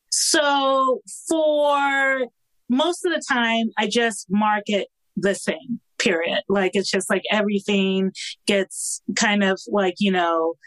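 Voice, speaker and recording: A woman's voice: medium pitch, a bit bright, dry recording, poor audio. A woman author in a casual interview, chatty and laughing often, with many fillers. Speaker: romance author guest.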